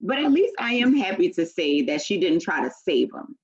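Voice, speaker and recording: A woman co-hosting a podcast in casual chat, talking in an animated, emphatic way. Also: on the low side, normal speed, lo-fi sound, crowd noise. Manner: animated, emphatic, lots of "you know what I'm saying". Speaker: podcast co-host.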